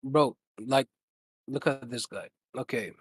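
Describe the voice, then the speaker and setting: A man's voice: medium pitch, slow pace, slightly rough, dry recording, studio quality. A man in an online voice-chat debate, pressing his point and repeating words to hold the floor.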